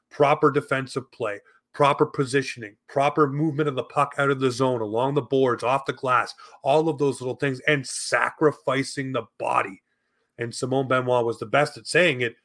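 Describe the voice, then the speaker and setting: A man's voice: medium pitch, steady tone, normal speed, a bit bright. A man giving an opinionated hockey commentary monologue, emphatic and argumentative, repeating his points.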